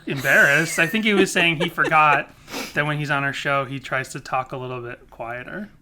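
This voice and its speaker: A man's voice: on the high side, normal speed, pushed and bright, slight background noise. A man co-hosting a casual podcast, rambling and correcting himself as he jokes along. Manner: rambling, self-correcting, joking. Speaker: podcast co-host.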